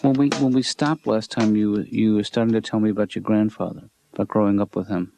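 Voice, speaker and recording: A man voicing a calm, gentle middle-aged therapist and father who speaks softly and stammers a little. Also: fairly low pitch, fairly quick, gravelly, noisy background. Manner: soft-spoken, gentle, stammering.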